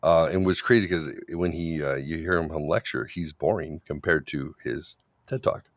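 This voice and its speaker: A man's voice: very deep voice, normal speed, dry recording. A man from Wyoming, a guest on a talk show, speaking bluntly and swearing freely. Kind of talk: casual chat.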